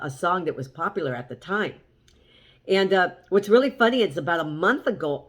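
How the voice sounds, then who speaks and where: A woman chatting to the camera as she tells a story, animatedly quoting what everyone said. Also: fairly low pitch. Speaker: vlogger. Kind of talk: casual storytelling.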